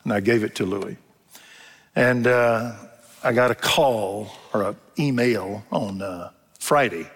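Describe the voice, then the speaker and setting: An older pastor preaches in a church sanctuary, his voice lowish, slow, a bit bright and husky. He tells folksy stories and acts out what people said, with the long reverb of a church hall around him.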